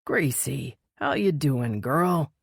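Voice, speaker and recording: A woman voicing a grieving but brisk male TV news boss, speaking in a clipped, earnest way. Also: mid-range voice, animated, creaky, slightly rough, no room sound, clean studio sound, exaggerated voice.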